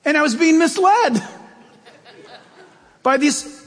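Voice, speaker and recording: High-voiced animated male preacher, hall echo. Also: takes it slowly. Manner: animated preaching, swinging between loud high outbursts and low quiet asides. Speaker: pastor. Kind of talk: sermon. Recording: long hall reverb.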